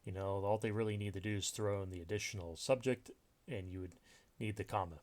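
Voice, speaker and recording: Low-voiced man teaching grammar, halting. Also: steady tone, a little mellow. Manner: halting, many fillers and restarts. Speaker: writing instructor. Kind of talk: recorded grammar lesson.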